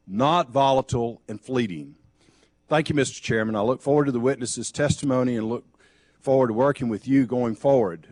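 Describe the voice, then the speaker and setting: A man's voice: mid-range voice, darkish tone, no room sound. A man with a Georgia accent, delivering a formal opening statement at a congressional hearing. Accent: Georgia, US South. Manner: reads prepared remarks, then jokes easily.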